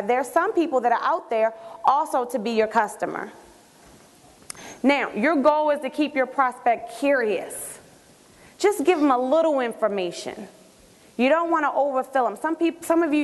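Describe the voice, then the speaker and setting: A woman giving an energetic live training talk on network marketing, quizzing her audience as she coaches them. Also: high voice. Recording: echoey hall with long reverb.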